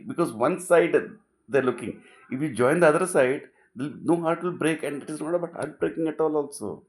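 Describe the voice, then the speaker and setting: A middle-aged man, giving an impassioned philosophical talk full of repetition and rhetorical questions, dropping to near whispers at times. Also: on the high side. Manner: emphatic, repeats phrases, rhetorical questions, swings between loud and hushed. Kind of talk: impassioned monologue.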